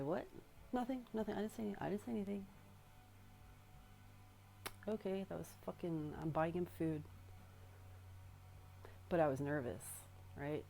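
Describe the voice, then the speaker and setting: A young woman telling a personal story in a casual, rambling way, often pausing, restarting and swearing. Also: low-pitched, creaky, warm tone, a little hiss or hum. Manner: rambling, halting, with frequent swearing.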